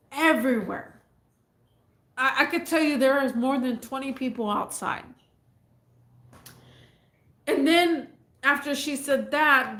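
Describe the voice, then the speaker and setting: A woman with a high voice tells a story in a casual, rambling way, often circling back and repeating phrases. Her voice echoes around a roomy space. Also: fairly bright tone. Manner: rambling, repeats herself, restarts. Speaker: vlogger.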